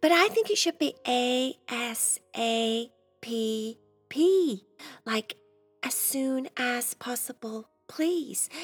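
Woman as a prim, level-headed cat for a kids' story; soft, quiet, fairly high. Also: breathy edge. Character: calm, prim female cat. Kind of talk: children's bedtime story.

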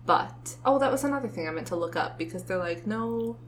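Young woman podcast co-host, chatty and animated, slight hum underneath. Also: medium pitch, a little fast. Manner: chatty, animated, laughs often. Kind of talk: casual chat about a movie.

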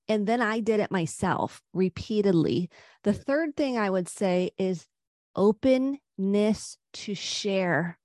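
A middle-aged woman psychotherapist, a podcast guest, gives earnest, gentle advice on parenting and anxiety. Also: medium pitch, no echo, clean studio sound. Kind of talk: podcast interview.

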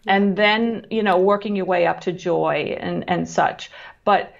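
Calm, measured female guest explaining her work, with fillers and restarts. Audio a touch dull and lo-fi. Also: lowish voice, vocal fry. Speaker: guest who works with children on emotions. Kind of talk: explanatory interview talk.

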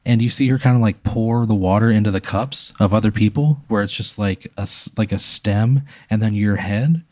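A man's voice: lowish voice, moderate pace, darkish tone, no room sound, studio quality. A man in casual podcast chat, telling an absurd hypothetical story in a rambling way, full of filler words and bits of laughter.

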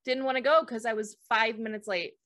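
A woman co-hosting a casual chat, telling school stories in a blunt, animated way with casual swearing. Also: a little high, a little fast. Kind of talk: casual chat, personal storytelling.

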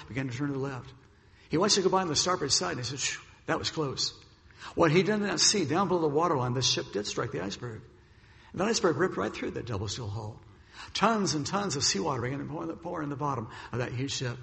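A man's voice: on the high side, creaky, fairly bright tone, in a large hall. A man preaching a sermon, telling a dramatic story and acting out what the characters say. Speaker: pastor.

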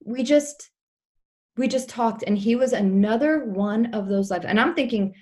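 A woman's voice: fairly high pitch, moderate pace, a little mellow. Earnest woman telling her story. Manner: earnest, heartfelt, many restarts. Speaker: guest, pastor's wife. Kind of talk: personal storytelling in a podcast interview.

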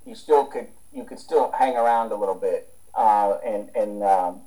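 A man's voice: lowish voice, moderate pace, dark tone, poor audio. A man from the United States, a strength coach talking as a guest in a casual interview, rambling with many restarts and fillers.

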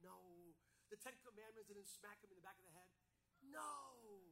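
A man's voice: sits high, moderate pace, bright, forceful tone, rough recording. A man preaching a sermon, emphatic, with rhetorical questions and repeated phrases.

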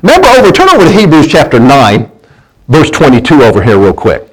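A preacher man with a somewhat high voice delivers a folksy sermon. He keeps asking his congregation for answers and trips over and repeats his words as he pushes his point. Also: wildly swooping pitch, fairly quick, slightly rough, rough recording. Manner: folksy preaching with call-and-response and stumbling restarts. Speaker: pastor.

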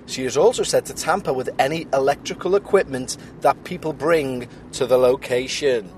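A man's voice: medium pitch, moderate pace, a little hiss or hum. Joking male vlogger in a car. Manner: jokey and playful. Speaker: vlogger and ghost-hunt host. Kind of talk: casual chat and reading out notes. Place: moving car.

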